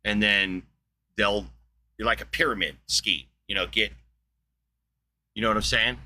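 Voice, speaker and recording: A man hosting a livestream, ranting in a blunt, profane, excitable way, with a wheezy laugh. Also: on the low side, measured pace, slight background noise. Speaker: livestream host. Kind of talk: casual livestream rant.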